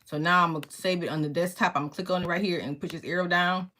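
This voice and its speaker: Woman, low voice, fast-talking, casual crafting tutorial, checks in with the viewer often. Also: fairly even intonation, pushed and bright. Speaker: crafting instructor. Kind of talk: casual screen-share tutorial. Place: home craft workspace with a heat press.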